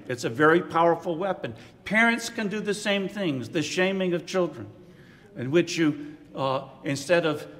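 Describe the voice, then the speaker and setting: An older man, a priest, giving an unscripted retreat talk in a conversational, reflective way, pausing on fillers and chuckling softly. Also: a little high. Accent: American Southern. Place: large conference hall. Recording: long-reverb hall.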